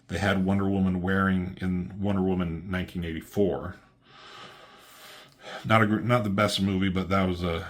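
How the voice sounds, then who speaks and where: Low-voiced man casually recapping a comic. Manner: loose, profane, filler-heavy recap. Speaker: comic book reviewer. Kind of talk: casual comic review walkthrough.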